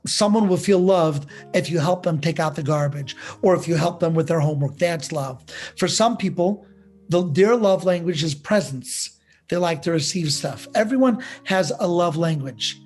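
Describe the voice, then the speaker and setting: A man, a rabbi teaching a class, telling a parable in a lively, conversational way and putting questions to his listeners. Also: sits high. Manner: animated storyteller who acts out dialogue; conversational, asks the audience questions.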